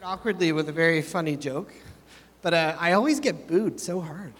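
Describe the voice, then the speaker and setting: A man's voice: fairly high pitch, normal speed, fairly bright tone. A middle-aged man preaching a sermon as pastor, chatty and self-mocking, rambling between jokes. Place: church hall. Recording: reverberant church hall.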